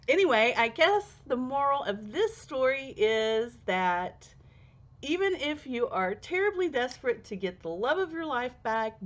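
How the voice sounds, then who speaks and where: Slow, laughing woman telling a story. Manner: animated, laughing, acts out her past self in high squeals. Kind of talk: personal anecdote. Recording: slightly dull lo-fi recording.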